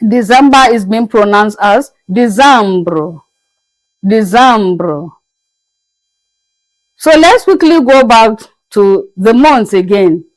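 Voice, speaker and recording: A woman teaching French month names in a patient lesson, repeating each word slowly. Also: a little high, expressive, no echo, poor audio. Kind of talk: slow spoken language lesson.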